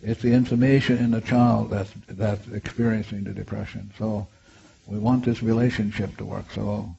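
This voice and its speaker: Male meditation guide, slow and gentle, mellow tone, muffled recording with light hiss. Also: lowish voice, level tone, gravelly, husky. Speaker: healer guiding a meditation. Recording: dull lo-fi clip with faint hiss.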